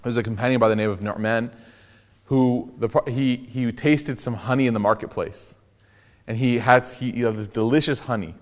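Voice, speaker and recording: A man's voice: medium pitch, fairly even intonation, normal speed. A young man giving a casual, joking sermon as an Islamic lecturer, telling stories and acting out the quotes. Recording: long hall reverb.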